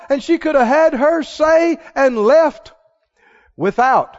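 A man preaching a sermon who rises into shouts and calls out questions to the congregation. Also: very high-pitched, lively intonation, slow, dull audio.

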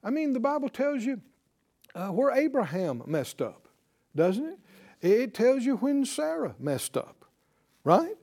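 A man preaching a sermon with passion, swinging from loud exclamations to hushed prayer and leading the listeners in a spoken prayer. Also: extremely high pitch, sing-song, measured pace. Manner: leads congregation in spoken prayer.

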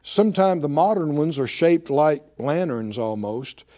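A man's voice: a little high, lively intonation, measured pace, mellow. A man teaching a Bible study, emphatic and full of rhetorical questions to his listeners.

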